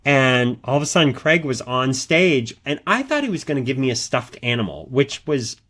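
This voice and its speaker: A man's voice: mid-range voice, sing-song, moderate pace, a bit bright. A man hosting a podcast, telling personal stories in a rambling, earnest way with many restarts and repeated words. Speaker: podcast host. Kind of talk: casual podcast monologue.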